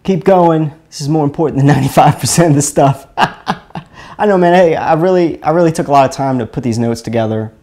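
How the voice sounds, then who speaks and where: A man's voice: on the high side, a little fast, warm tone. A man from Mississippi hosts a casual live stream. He rambles and chuckles, often stopping to restart his sentences. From Mississippi, USA. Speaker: host of an energy healing live stream.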